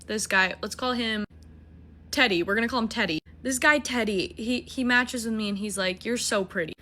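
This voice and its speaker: A woman in her twenties tells a dating story in a casual rush, cursing freely and laughing at her own mistakes. Her voice is bright and forceful. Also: a little high, normal speed. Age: 20s. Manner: animated, swearing, self-mocking.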